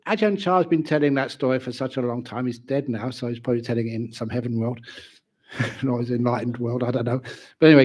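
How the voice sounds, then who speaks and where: A man, a Buddhist monk, giving a humorous dharma talk at a university with animated storytelling. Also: mid-range voice. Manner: animated storytelling, laughs at own jokes. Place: university lecture venue.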